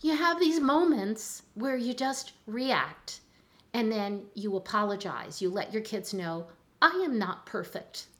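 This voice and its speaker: An older woman, a chiropractor, talking in a relaxed interview and telling stories with lively acted-out voices. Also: mid-range voice, a little slow. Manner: animated storyteller, acts out voices in anecdotes. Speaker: chiropractor guest. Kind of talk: conversational interview.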